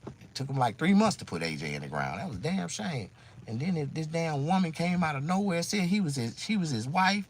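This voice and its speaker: A comedian man talking casually to his viewers, telling rambling, profane stories that swing between loud outbursts and low asides. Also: sing-song, fairly quick. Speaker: stand-up comedian. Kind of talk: casual monologue to camera.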